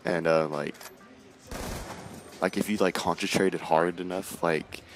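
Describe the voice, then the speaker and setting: Over heavy background noise, a young man with a deep voice offers casual gameplay commentary for his gaming channel. He speaks unhurriedly in a steady tone, rambling with lots of fillers and swearing.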